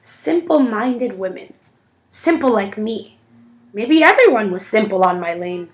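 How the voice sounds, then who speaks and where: A woman narrating a novel in the first person, with an expressive storytelling manner. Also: mid-range voice, measured pace. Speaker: audiobook reader.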